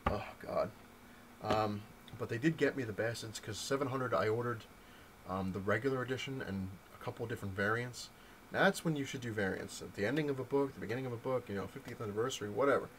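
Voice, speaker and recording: A man casually talking through a comic book storyline, rambling with frequent ums and restarts and animated retellings. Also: mid-range voice, fast, a little hiss or hum, poor audio. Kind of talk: casual comic review talk.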